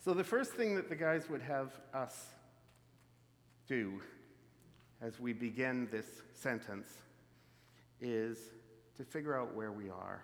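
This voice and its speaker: A man's voice: mid-range voice, animated, slow, long pauses. Man preaching in a reverberant hall. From Canadian prairies. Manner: conversational, reflective, with frequent fillers. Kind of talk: sermon.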